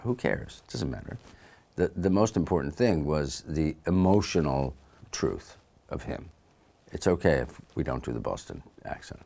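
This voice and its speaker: A man with an extremely low, deep voice talks in a relaxed conversational interview. He is thoughtful and unhurried, and his sentences often trail off softly. The recording is clean studio sound. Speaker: actor and author being interviewed. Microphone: studio microphone.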